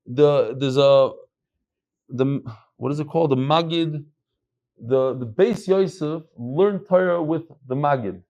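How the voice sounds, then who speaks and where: Animated middle-aged rabbi teaching Talmud. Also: male voice, fairly high pitch, slow, dull audio. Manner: animated, jumps between quoting Aramaic and chatty English. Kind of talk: Talmud lecture with casual asides.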